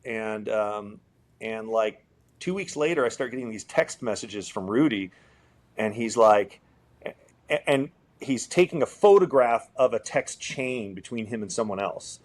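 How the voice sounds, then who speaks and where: This luthier's voice sits on the low side, and he keeps a measured pace. As an interview guest, he relates a story in a laid-back, meandering style, full of fillers and reported speech.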